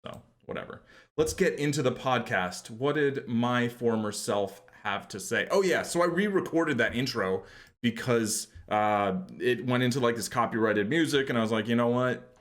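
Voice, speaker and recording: A man's voice: medium pitch, lively intonation, moderate pace, a bit bright. A man from New York hosting a podcast, chatting casually in rambling, self-deprecating asides. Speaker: podcast host. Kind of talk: casual chat.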